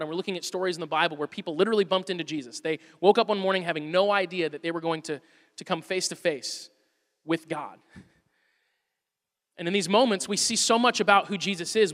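Male pastor, 30s, high bright voice, animated storyteller; long hall reverb. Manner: lively storyteller, acts out his kids' voices. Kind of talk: sermon with a personal story.

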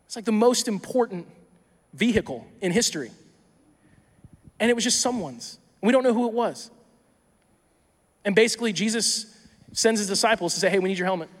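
High-voiced tired pastor in an echoing hall. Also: male voice, expressive, fairly quick, pauses often. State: tired from little sleep. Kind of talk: sermon.

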